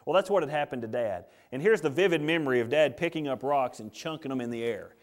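A middle-aged man preaching a sermon, animated and acting out the complaints of Bible characters. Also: medium pitch, fast talker.

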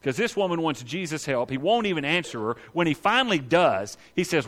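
Male preacher, dramatic delivery, bright forceful tone, voice ringing with long hall reverb. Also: mid-range voice, expressive, quick pace, few pauses. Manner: dramatic, acts out quoted voices, swings from loud to hushed. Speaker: pastor. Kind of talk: sermon.

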